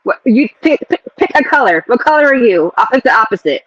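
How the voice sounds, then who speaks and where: A woman in her forties joining a livestream, sassy with quick comebacks. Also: on the high side, very animated, a bit bright, highs cut off. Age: 40s. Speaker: stream guest. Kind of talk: casual banter on a livestream.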